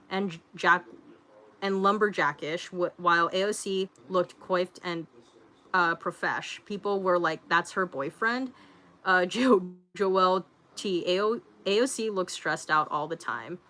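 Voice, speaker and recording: A woman hosts a relaxed livestream and reads out her viewers' comments. Her voice is bright and forward while sitting a touch low in pitch. She rambles easily, leaning on fillers and laughing often. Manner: chatty and rambling, full of fillers like "um" and "like". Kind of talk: casual livestream chat.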